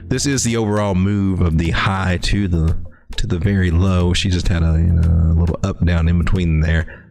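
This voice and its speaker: A man's voice: low-pitched, fairly even intonation, normal speed, gravelly, darkish tone, soft background music. A man hosting a live crypto stream, talking through charts in a folksy, rambling way with lots of restarts. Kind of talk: casual live market commentary.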